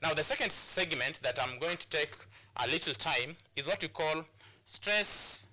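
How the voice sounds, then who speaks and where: A man with a Kenyan English accent gives a classroom-style broadcast lesson. His voice sits a little high and rings very bright. He repeats key words and circles back on his phrases as he explains. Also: animated, unhurried. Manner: repetitive, restarts phrases, drills words aloud. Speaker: teacher. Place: studio or classroom for educational broadcast.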